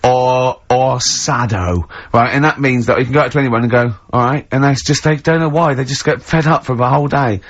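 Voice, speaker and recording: A man's voice: fairly quick, few pauses. A hungover man hosting a comic radio show, rambling through silly made-up scenarios. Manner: playful, rambling, acts out silly scenarios with squeaky voices. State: hungover, unwell. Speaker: radio host. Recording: dull radio broadcast audio.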